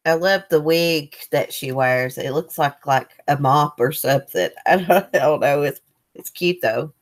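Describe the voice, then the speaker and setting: Woman, low voice, easygoing live-chat host, reads comments aloud. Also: unhurried. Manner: loose, rambling with fillers. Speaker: livestream host.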